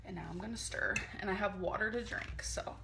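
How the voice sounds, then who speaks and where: A woman's voice: mid-range voice, a little fast, creaky, noisy background. A woman vlogger with a stuffy nose, chatting casually between bites of food and breathing a little heavily. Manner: chatty, rambling, chewing between remarks. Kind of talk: casual mukbang chat while eating.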